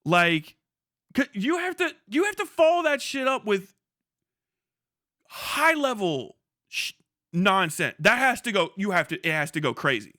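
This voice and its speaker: A young man streaming live and riffing in loose, profane commentary, mocking and laughing between rants. His voice is bright and sharp and sits a little high for a man. The sound is dry and close, with no room around it. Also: big pitch swings, measured pace, long pauses, no echo. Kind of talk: casual livestream commentary.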